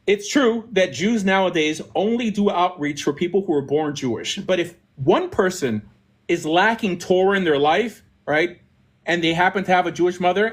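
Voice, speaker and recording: Guy with a high voice, rabbi host, pushing his point hard. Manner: earnest, persuasive, argumentative. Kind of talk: podcast call-in talk.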